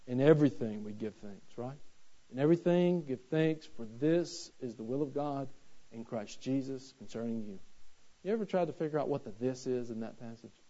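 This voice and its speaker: A man's voice: medium pitch, warm tone, lo-fi sound. A man, preaching a sermon in a folksy, conversational way with touches of humor, recorded in a church. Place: church sanctuary.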